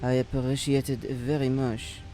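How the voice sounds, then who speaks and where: A man voicing a calm, lonely French woman storyteller in a put-on French accent, speaking slowly and softly. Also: mid-range voice, faint music behind, natural voice. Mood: gentle.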